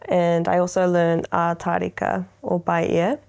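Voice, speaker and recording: Brief: young New Zealand woman, podcast co-host, laughs often, tells stories in an animated way. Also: on the low side, unhurried, gravelly, clean tone. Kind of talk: casual podcast chat.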